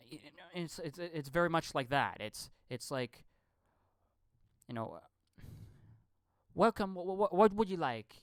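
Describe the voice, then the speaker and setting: A man's voice: mid-range voice, a bit bright, clean tone, no room sound. A man rambling through a profane live-stream rant, stammering and repeating his words. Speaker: channel host.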